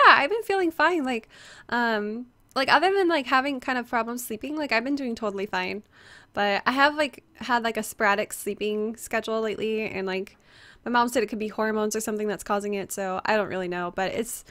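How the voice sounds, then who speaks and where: A young woman chats away to her stream on a headset mic, her voice sitting a touch higher than most. It sounds slightly strained, as if she is saving it. She greets viewers by name and peppers her talk with "like". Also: a bit bright. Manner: chatty, reads chat aloud, greets viewers by name, many "like" fillers. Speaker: game streamer. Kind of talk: casual livestream chat.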